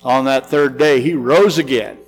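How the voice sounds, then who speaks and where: A man preaching a sermon and reading scripture aloud, earnest, slowing and softening on the solemn lines. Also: medium pitch, long reverb tail, faint music behind, low-quality recording. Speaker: pastor.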